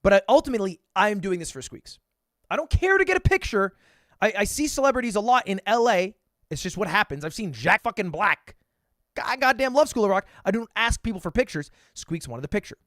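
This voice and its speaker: A man's voice: high-pitched, expressive, quick pace, a bit bright, no room sound, studio quality. A male streamer telling a story in a casual, self-deprecating way, swearing freely.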